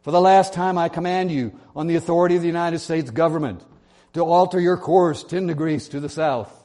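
A man voicing a stern, commanding navy captain who shouts orders over the radio. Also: a little high, measured pace. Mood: furious.

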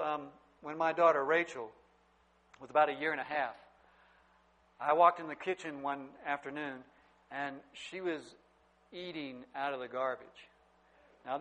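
Middle-aged preacher guy, kinda high voice, tells stories, gets loud then drops real soft. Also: poor audio. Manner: storytelling preacher, wide swings in loudness. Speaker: pastor. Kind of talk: sermon.

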